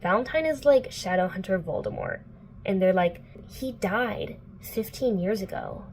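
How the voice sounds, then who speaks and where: A young woman in her twenties chats her way through a book recap, peppering every line with fillers and little asides. Her voice sits in an ordinary middle pitch, and a faint background noise runs under the recording. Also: expressive, a little slow, darkish tone. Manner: chatty, filler-heavy, playful quoting of characters. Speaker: book vlogger.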